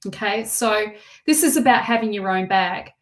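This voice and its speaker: A woman's voice: medium pitch, moderate pace. A woman giving a live-stream tarot card reading. She repeats her phrases and reads viewer comments aloud. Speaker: tarot reader.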